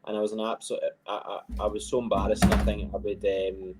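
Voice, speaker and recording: A man's voice: lowish voice, little pitch movement, fast, loud music behind the voice. A young Scottish man, a fighter, talking in a casual interview, modest and self-conscious, laughing easily. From Scotland. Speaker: MMA fighter, guest.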